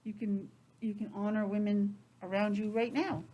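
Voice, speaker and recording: Middle-aged teacher, expressive and talkative, reads aloud to preschoolers in a classroom. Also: female voice, medium pitch, moderate pace, dull audio, a little hiss or hum. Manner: chatty, expressive, drifts into personal asides. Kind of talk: reading aloud and chatting to young children.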